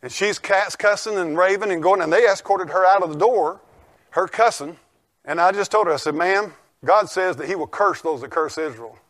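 An older male pastor, preaching a folksy, emphatic sermon that rises to shouts. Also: high voice, normal speed. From United States.

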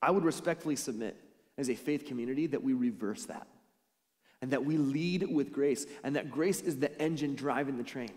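A man's voice: medium pitch, normal speed, darkish tone. A pastor giving a conversational sermon to his congregation, telling stories along the way. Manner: storytelling, conversational preaching. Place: church sanctuary. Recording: church hall with long reverb.

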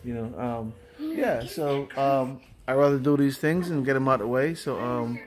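Crowd noise can be heard as this older man vlogs casually from home, wandering through his thoughts with plenty of "you know" fillers and tags. His mid-range voice is sing-song, at a moderate pace.

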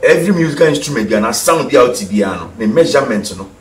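A man's voice: mid-range voice, lively intonation, rapid-fire, distant mic. A man with a Ghanaian accent teaching a piano lesson for TV, repeating terms and quizzing the viewer. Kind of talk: TV music lesson, mixing English and Twi. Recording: echoey room, voice from off the mic. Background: piano notes.

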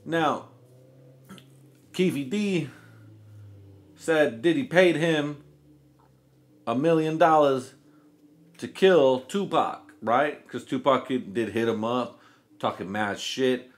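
A man's voice: mid-range voice, slow pace, pauses often. Profane rambling comedy podcast man. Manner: loose, profane, rambling, acts out quotes in silly voices. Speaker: podcast host.

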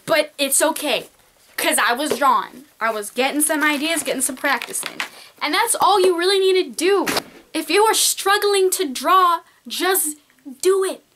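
Bright high-voiced peppy teen girl. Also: normal speed. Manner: peppy and encouraging, talks straight to viewers. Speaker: art vlogger. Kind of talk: casual advice vlog. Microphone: camcorder mic.

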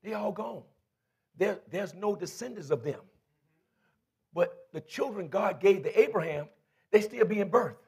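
A man preaching a call-and-response sermon in church, building from low teaching to shouted praise. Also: animated, a little slow, long pauses, husky. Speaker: bishop preaching. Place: church before a congregation.

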